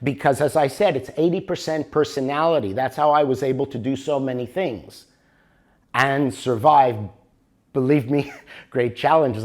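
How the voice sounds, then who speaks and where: An older man teaching a motivational workshop, animated and always checking for agreement with the audience. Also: mid-range voice. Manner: animated, keeps asking for agreement. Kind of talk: workshop lecture.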